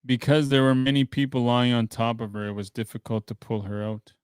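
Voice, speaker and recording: A man hosting a podcast, reading a translated traditional story aloud in a plain, steady way, with dry offhand asides. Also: medium pitch, a little fast, clear, resonant tone, dry recording. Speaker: podcast host.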